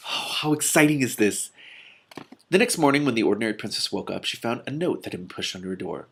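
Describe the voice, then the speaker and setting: Husky-voiced man reading aloud. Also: medium pitch, fast. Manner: excited, gushing asides. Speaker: reader. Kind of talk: reading a novel aloud with commentary.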